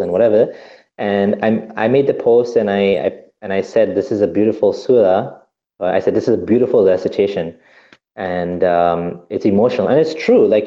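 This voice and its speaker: Animated man with a roomy, dull sound. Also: on the low side. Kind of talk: casual podcast chat.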